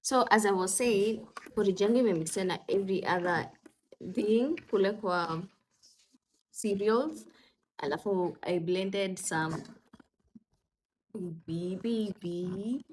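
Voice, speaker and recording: A woman's voice: medium pitch, slow pace, long pauses, a little hiss or hum. A young woman, chatting casually in a vlog as a mother, mixing English with Swahili and cooing at her toddlers. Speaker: parenting vlogger and mother.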